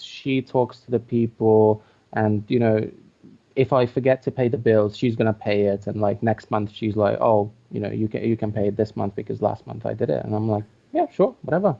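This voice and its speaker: Man, mid pitch, hesitant casual talker, muffled lo-fi call audio. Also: creaky, warm tone. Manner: hesitant, lots of fillers and restarts. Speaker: co-host. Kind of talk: casual chat. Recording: dull lo-fi audio.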